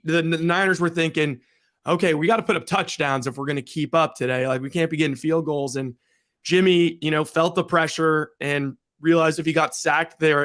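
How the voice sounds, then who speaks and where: A man co-hosts a live postgame talk show, and his voice is a touch scratchy from a cold. His voice sits a little high, and he rambles with lots of emphasis. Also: fairly bright tone. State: slightly scratchy voice from sniffles. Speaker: co-host. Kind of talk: casual sports talk show.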